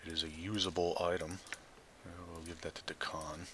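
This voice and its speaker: A man's voice: low-pitched, level tone, normal speed, background noise. A man hosting a let's play, reading game text aloud with dry, offhand asides. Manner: dry, offhand asides between read passages. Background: faint game music.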